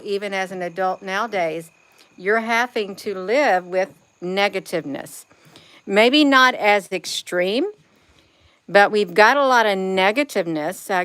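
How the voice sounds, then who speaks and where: Lady vlogging, rambly and repeating herself, calling everyone you all, middle pitch. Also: a bit bright, clear, resonant tone. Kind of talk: casual spiritual monologue.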